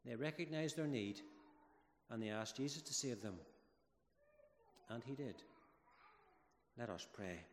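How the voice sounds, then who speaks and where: A man giving a children's talk during a church service, telling the story with lively, dramatic build-ups. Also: medium pitch, a little slow, long pauses, a little hiss or hum. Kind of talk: children's sermon. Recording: echoey church hall with long reverb.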